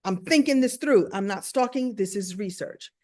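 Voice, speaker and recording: A woman's voice: mid-range voice, normal speed, a little mellow. A woman from the United States, a speaker and coach, telling a story in a playful, self-mocking way and acting out voices. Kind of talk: storytelling talk.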